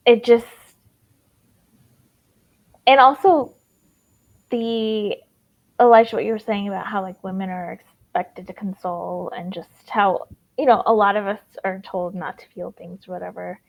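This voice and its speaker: A woman's voice: mid-range voice, fairly even intonation, a little slow, creaky, pauses often, muffled recording. A woman life coach in a casual group discussion, talking earnestly in long run-on thoughts full of "like".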